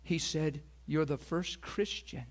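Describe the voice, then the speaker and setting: A man's voice: fairly high pitch, slow pace. A middle-aged man preaching a sermon as a pastor, telling a personal story earnestly and acting out the voices of the people in it.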